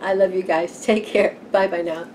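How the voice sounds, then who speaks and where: A woman's voice: lowish voice, fairly even intonation, moderate pace, background noise. A woman hosting her own tarot vlog from home, chatting casually, rambling and laughing easily. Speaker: tarot channel host. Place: home room with a fan running.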